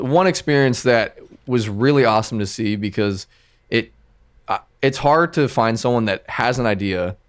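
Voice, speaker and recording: Low-voiced laid-back man, rambling chat. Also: clean tone. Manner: loose, rambling, heavy with fillers. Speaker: music producer guest. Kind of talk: casual podcast chat.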